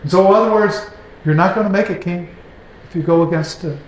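A man's voice: high voice, fast. A man in his forties reading Bible verses aloud and breaking in with casual asides. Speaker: Bible teacher. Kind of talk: informal Bible reading and commentary. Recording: very echoey room.

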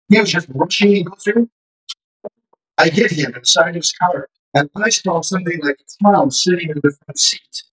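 A man with a high voice preaches his testimony, retelling his story emphatically and fervently with quoted dialogue. The recording is rough.

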